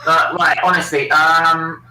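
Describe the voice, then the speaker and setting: A man's voice: on the high side, little pitch movement, slow, a crowd in the background. Laughing Southern English man, echoey. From Southern England. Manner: laughing, mock-defensive banter. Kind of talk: casual banter on a live watchalong. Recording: echoey noisy stream audio.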